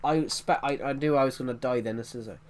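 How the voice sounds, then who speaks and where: While gaming on a live stream, this twenty-something Brit rambles through replies to viewer comments. He talks fast in a mid-range voice, with a little hiss or hum in the audio.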